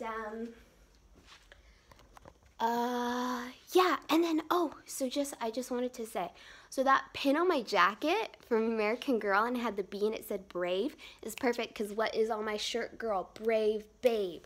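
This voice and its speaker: Bubbly rambling young woman vlogger. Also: on the high side. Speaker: fashion vlogger. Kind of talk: casual outfit vlog. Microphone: phone on a live stream.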